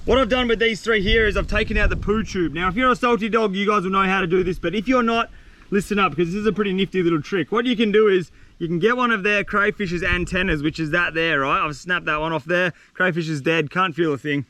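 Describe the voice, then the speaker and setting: High-voiced Australian man, energetic and slangy. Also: fast talker, no echo. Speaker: outdoor vlogger. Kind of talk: casual vlog narration. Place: outdoors on a windy coast.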